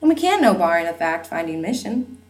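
A woman's voice: fairly low pitch, very animated, brisk, a little mellow. A woman narrating an audiobook, voicing a jokey, upbeat father with a wry, reassuring manner. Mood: breezy. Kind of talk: audiobook reading.

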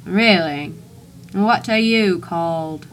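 A woman voicing armed male guards with South African-sounding accents, speaking in a low, clipped, cautioning way. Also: takes it slowly, slight background noise. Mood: wary.

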